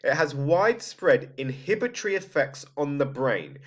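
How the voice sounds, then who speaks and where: A man's voice: a little high, animated, normal speed. A man teaching a recorded psychology lesson in a casual, conversational way, checking in with "right?" and restarting his sentences. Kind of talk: recorded lecture. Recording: slightly dull lo-fi audio.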